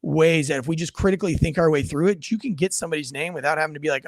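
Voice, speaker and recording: A man and police officer co-hosting a casual chat, animated and swearing freely, acting out voices in his stories. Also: a little high, fast talker, few pauses, dry recording, studio quality. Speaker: podcast co-host, police officer.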